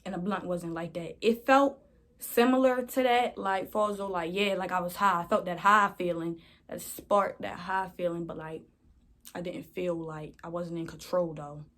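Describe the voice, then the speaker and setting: A woman's voice: fairly low pitch, fairly even intonation, moderate pace, fairly bright tone. A young woman vlogger telling a storytime in a rambling, slangy way, often calling her viewers y'all. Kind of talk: casual storytime.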